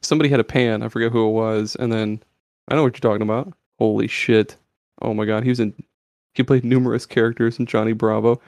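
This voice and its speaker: Man, podcast host, gravelly voice, dry close sound, loose swearing chatter, stumbling restarts. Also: mid-range voice, steady tone, quick pace, darkish tone, no room sound. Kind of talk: casual chat.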